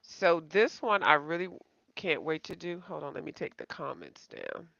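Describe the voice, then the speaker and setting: Woman streamer, bright chatty voice, rambling and self-deprecating, dry lo-fi recording. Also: deep voice, animated, normal speed, vocal fry, no echo. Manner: rambling, chatty, addresses viewers as y'all. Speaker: coloring channel host. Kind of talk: casual live-stream chat. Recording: slightly dull, dry home recording.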